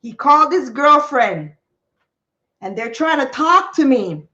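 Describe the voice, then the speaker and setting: A woman hosting a livestream, telling a story to her chat in an animated, expressive way with sound effects. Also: high voice, measured pace, muffled recording. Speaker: livestream host. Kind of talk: casual storytelling to a live chat.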